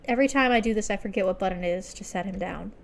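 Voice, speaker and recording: A woman's voice: medium pitch, racing, creaky. A young woman streamer chatting casually and self-deprecatingly while playing, muttering at the game.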